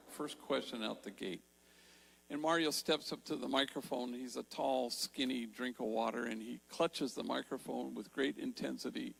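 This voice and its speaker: Gravelly older man telling a story. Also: medium pitch, fairly even intonation, poor audio. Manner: warm storytelling, slows for emphasis. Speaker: Jesuit priest and speaker. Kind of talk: storytelling talk. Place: large church.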